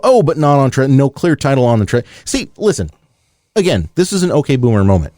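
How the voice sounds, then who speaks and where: A man hosting a car podcast in casual chat, animated and joking, swearing freely. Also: medium pitch, fairly quick, no room sound, studio quality. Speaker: podcast host.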